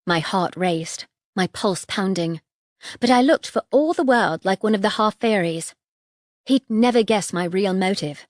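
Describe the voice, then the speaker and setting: A woman narrating a first-person fantasy audiobook in a tense, measured way. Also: mid-range voice, animated, no room sound, clean studio sound.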